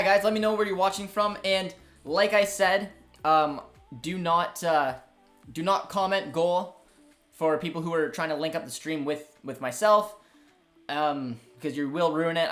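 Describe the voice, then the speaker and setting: A young man hosting a live football watchalong, reacting to the game and reading chat with lots of fillers. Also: fairly high pitch. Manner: excitable, chatty, frequent fillers. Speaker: host of a football watchalong stream.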